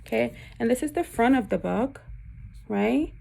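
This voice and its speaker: Gravelly-voiced woman teacher reading aloud. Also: fairly high pitch, animated, dark tone. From Puerto Rico. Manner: pauses often to ask the class questions. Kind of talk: reading a picture book aloud to a class.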